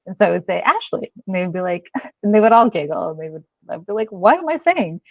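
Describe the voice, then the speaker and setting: A woman's voice: on the low side, quick pace, gravelly, no echo. A woman from Florida, a podcast guest chatting in an easygoing, giggly way. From Florida, USA. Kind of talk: casual chat. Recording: dull, dry sound.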